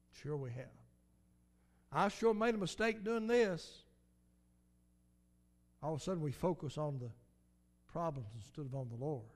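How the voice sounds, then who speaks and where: A man's voice: a little high, warm tone. A man preaching a sermon in an emphatic, repetitive cadence, with swells of volume.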